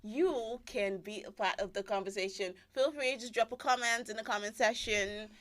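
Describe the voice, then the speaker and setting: A woman's voice: mid-range voice, normal speed, fairly bright tone. A woman co-hosting a live radio stream, chatting casually, teasing and laughing often. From Nigeria. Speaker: radio co-host.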